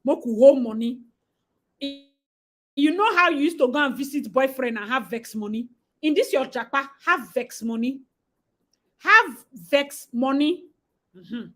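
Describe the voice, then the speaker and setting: A Nigerian woman hosting a livestream, reading viewer comments and talking about life abroad with loud exclamations and Pidgin phrases. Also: high voice, normal speed. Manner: expressive, exclamatory, mixes Pidgin into talk. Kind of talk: animated livestream chat.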